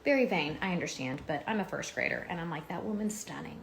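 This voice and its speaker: A woman's voice: low-pitched, animated, fast, slight background noise. Chatty woman vlogging on her phone. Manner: chatty, rambling storytelling with lots of "like" and "um". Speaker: lifestyle blogger and home renovation host. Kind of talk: casual chatty phone vlog.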